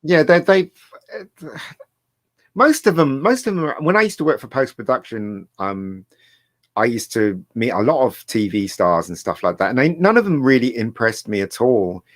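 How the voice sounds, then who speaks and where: A man's voice: medium pitch, animated, moderate pace, no echo. Middle-aged man, rambling storyteller, dry close sound. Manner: rambling anecdotes with restarts. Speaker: guest. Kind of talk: casual chat.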